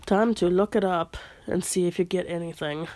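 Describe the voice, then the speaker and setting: A woman in casual chat, relaxed, retelling a book's story in her own words with asides. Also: on the low side, normal speed. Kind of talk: casual chat, reading a book aloud.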